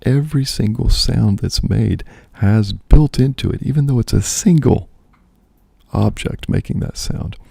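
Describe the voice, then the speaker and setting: A man's voice: medium pitch, unhurried, gravelly, warm tone, husky, no room sound, clean studio sound. A man, a priest and host, musing aloud in casual spoken reflection, often checking in with "right?".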